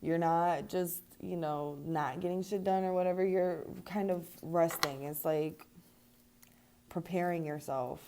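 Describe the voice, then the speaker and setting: A young woman talks her viewers through a card reading in a loose, chatty way, laughing often and dropping casual swears. Her voice sits a little low and sounds mellow and warm rather than bright. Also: steady tone, measured pace, a little hiss or hum. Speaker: tarot reader.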